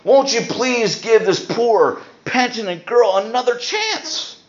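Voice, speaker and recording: A man's voice: extremely high pitch, big pitch swings, slow pace, voice pushed up, full character voice. Man putting on Lucy, pleading cartoon girl. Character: tearful young cartoon girl begging forgiveness. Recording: roomy, dull lo-fi sound.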